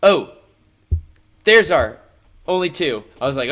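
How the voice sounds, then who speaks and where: A man's voice: fairly high pitch, big pitch swings, takes it slowly, long pauses, a bit bright. A man narrating a live-streamed tabletop game as game master, playful and jokey, with frequent fillers.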